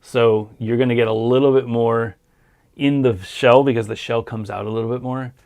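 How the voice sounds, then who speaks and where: Tired and losing his voice, a livestream host takes viewer questions casually, easygoing but halting, with lots of ums. His mid-range voice stays steady at normal speed and sounds a little mellow.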